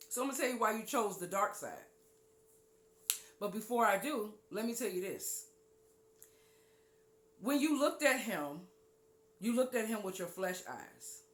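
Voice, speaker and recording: A woman hosting a spiritual talk show. She gives an animated teaching monologue, drops low and quiet on key points, and acts out listeners' voices. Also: moderate pace, long pauses, reverberant.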